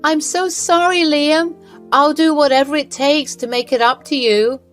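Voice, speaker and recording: A woman voicing a playful young wife who teases and pleads in a raised, high voice. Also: sing-song, a little slow, a bit bright, faint music behind. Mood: mock pleading.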